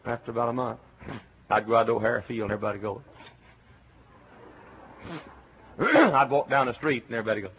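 Older male Texan Baptist preacher; folksy anecdotes, sudden loud shouts; thin phone-like audio. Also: medium pitch, sing-song, moderate pace, long pauses. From Texas. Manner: folksy storytelling, bursts into loud cheers and shouts. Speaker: Baptist pastor. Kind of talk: sermon. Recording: tinny lo-fi sermon recording with faint hiss.

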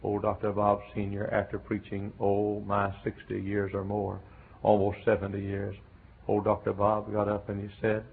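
A man preaching an emphatic revival sermon, bursting into shouts. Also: lowish voice, completely flat delivery, normal speed, gravelly, breathy edge. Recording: tinny phone-like old sermon recording.

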